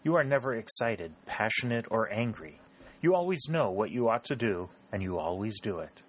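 A man's voice: on the low side, sing-song, normal speed, slight background noise. A man reading aloud voices a passionate, strong-willed young woman, speaking vehemently. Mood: tender. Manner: vehement, raised voice.

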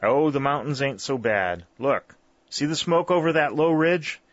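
A man's voice: medium pitch, a little slow, no echo, pitched above the performer's own voice, close to an everyday voice. A man reading voicing a hearty middle-aged backwoods mountain man who talks in a folksy, jovial drawl. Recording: dull, lo-fi dry recording.

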